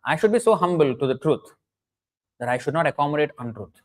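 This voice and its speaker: A man's voice: a little high, animated, fairly quick, rough recording. Earnest man preaching. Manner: emphatic, earnest, with frequent restarts and chanted Sanskrit verses. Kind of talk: sermon lecture.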